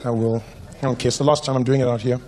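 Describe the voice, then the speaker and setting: Animated South African stand-up comedian. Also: male voice, medium pitch, very fast, a faint crowd, slight background noise. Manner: animated, switches into character voices and mock-pompous speech. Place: comedy stage before a live audience.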